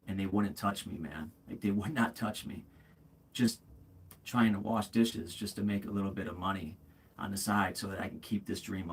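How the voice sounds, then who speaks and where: A livestream host in his forties chats candidly and ramblingly, calling viewers "bro" and "man," with many fillers and restarts. His voice is low, a bit bright, and edged with breathiness.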